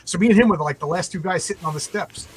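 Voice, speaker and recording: Middle-aged New York man, slightly high voice, rambling casual storyteller. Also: fast, low-quality recording. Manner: rambling, full of "like" and restarts.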